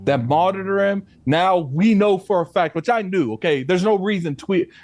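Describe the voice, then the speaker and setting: A man co-hosting a casual gaming podcast, arguing his point with heat and emphasis, sometimes rising to a shout. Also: high-pitched, expressive, moderate pace, no echo. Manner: heated, emphatic, rises to shouting when arguing. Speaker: podcast co-host.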